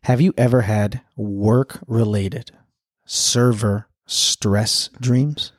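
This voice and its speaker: A man's voice: lowish voice, drawn-out words, dry recording, clean studio sound. A man co-hosting a casual podcast chat, telling stories from his job as a server and laughing often. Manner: storytelling, animated, laughs often. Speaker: podcast co-host.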